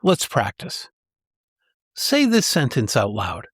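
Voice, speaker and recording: A man, a public speaking trainer, giving a scripted podcast lesson in a clear, measured way, stressing key words on purpose. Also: medium pitch, animated, dry recording, clean studio sound.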